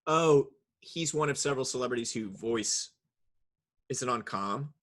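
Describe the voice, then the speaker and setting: A man's voice: mid-range voice, normal speed, fairly bright tone. Guy cohosting a chatty podcast, jokey, tosses off silly bits. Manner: joking, riffs in silly put-on voices. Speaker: podcast co-host. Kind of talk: casual chat.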